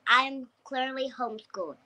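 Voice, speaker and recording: Bright-voiced little girl, chatty. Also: high-pitched, brisk. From Ohio. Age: child. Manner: chatty, with lots of "like". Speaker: guest. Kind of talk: interview answers.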